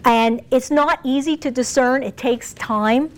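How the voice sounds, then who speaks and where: A woman's voice: sits high, measured pace. A woman preaching a sermon in a conversational way, laughing often and acting out quoted lines.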